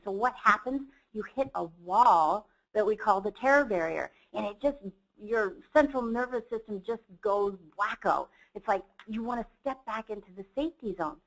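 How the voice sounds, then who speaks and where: An earnest woman gives a motivational seminar talk as a company chief executive. She tells a personal story at a middling pitch, speaking plainly and directly to the audience. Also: low-quality recording. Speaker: company CEO presenting a training program.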